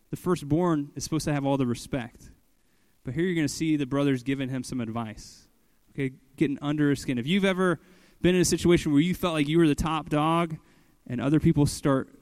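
Youngish guy pastor doing a chill bible study, slightly high voice, dry sound, keeps saying like and okay. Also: dry recording. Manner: conversational, frequent "like" and "okay", animated quoted voices. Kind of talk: casual Bible teaching.

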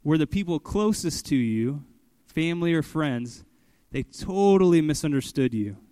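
A young adult man teaching through a Bible passage in a loose, conversational way, tossing in "like" and "okay" as he goes. His voice sits a little high for a man. The recording is dry and close, with almost no room sound. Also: moderate pace, clear, resonant tone, no echo. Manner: conversational, frequent "like" and "okay", animated quoted voices. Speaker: pastor.

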